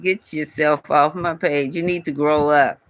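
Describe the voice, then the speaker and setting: A man rants at a commenter on his own channel. He talks in a repetitive, scolding way. His voice is bright and slightly high, recorded close and dry with no room sound. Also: steady tone, unhurried, dry recording, low-quality recording. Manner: scolding, repetitive, speaks directly to viewer. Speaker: channel owner addressing a commenter. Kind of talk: casual scolding vlog rant.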